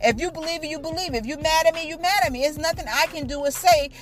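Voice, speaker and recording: An older woman, chatting casually about Bible teaching to viewers, playful and animated, often laughing and singing bits of phrases. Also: fast. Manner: animated, with sudden high pitch jumps. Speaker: faith talk host.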